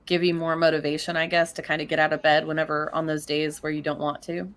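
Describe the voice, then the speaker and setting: A woman's voice: low voice, little pitch movement, fast talker. A woman co-hosting a podcast in casual chat, giggly and chatty. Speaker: podcast co-host.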